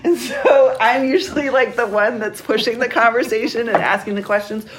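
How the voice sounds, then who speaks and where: A woman's voice: fairly high pitch, normal speed. A woman interviewed as a voter, speaking in a reflective, chatty way.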